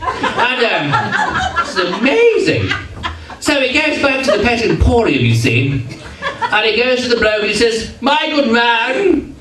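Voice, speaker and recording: With a very high-pitched, very animated voice at a measured pace, an English entertainer amuses a live audience with a story, teasing and playfully pompous throughout. The recording comes from far back in an echoey hall, crowd audible.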